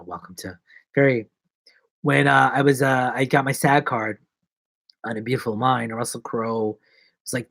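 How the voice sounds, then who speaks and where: A young man talking to his viewers on a live stream, joking and wandering from one thought to the next. His voice sits at an ordinary middle pitch, and he swings from loud outbursts down to near-mumbles. The sound is dry and close, with no room around it. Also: moderate pace, vocal fry, pauses often, dry recording. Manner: jokey and rambling, swinging between loud bursts and low mumbles. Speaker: actor and vlogger. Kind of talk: casual rambling live-stream chat.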